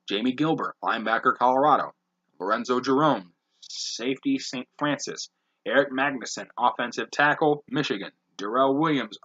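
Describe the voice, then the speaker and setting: A man hosting a podcast, briskly reading off a long list of names with blunt, profane asides. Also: mid-range voice, sharp tone, dull audio. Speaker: podcast host.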